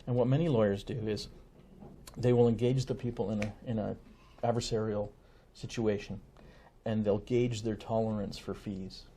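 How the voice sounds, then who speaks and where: A middle-aged man, a family lawyer, explaining things in a measured conversational way with examples and asides. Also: fairly low pitch, steady tone, dark tone, a little hiss or hum. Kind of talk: conversational interview.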